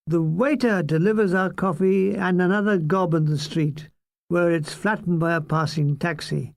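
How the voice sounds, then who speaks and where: A man reading his own comic memoir aloud, dry and wry, with deadpan jokes and asides to the listener. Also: sits high, moderate pace, creaky.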